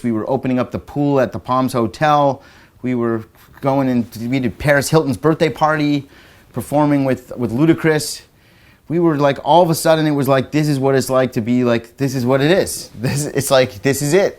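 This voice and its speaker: A man in an interview telling an anecdote, rambling with lots of fillers and laughing as he goes. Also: mid-range voice. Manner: acts out quotes in raised voices. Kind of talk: anecdotal storytelling.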